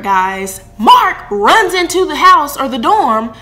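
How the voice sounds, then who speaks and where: A woman in her twenties telling a personal story on her vlog, animated and acting out the dialogue. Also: sits high, slow pace, hardly any pauses, faint music behind. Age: 20s. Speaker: vlogger.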